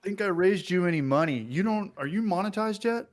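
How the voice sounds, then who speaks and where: A man's voice: sits high, expressive, brisk. A man casually hosting a livestream, joking loosely and reading out viewer comments. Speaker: livestream host.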